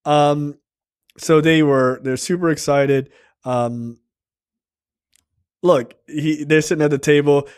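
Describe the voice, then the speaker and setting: A man chatting on a movie review podcast with a somewhat high voice. He retells the film scene by scene and slips into the characters' lines as he goes. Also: slow, pauses often, clear, resonant tone. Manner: animated storytelling, acts out quotes, swears freely. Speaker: podcast co-host. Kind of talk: casual movie review chat.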